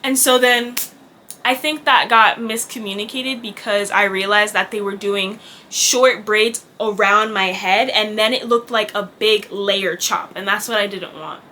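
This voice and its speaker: A woman's voice: medium pitch, steady tone, a little slow, pushed and bright, a little hiss or hum. A young woman vlogger telling a casual storytime, candid and chatty, swearing freely and acting out what people said. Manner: candid and chatty, swears, acts out quoted dialogue.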